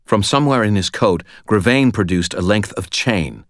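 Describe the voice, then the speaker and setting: Brief: low-pitched male narrator for a first-person action novel, steady and measured, bone-dry studio sound. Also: dry recording. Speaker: audiobook narrator.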